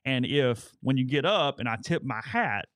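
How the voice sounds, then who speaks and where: A man co-hosting a sports talk show, reading ads and telling a rambling, animated story in casual chat. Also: mid-range voice, moderate pace, no room sound, clean studio sound. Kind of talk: casual chat and live ad reads.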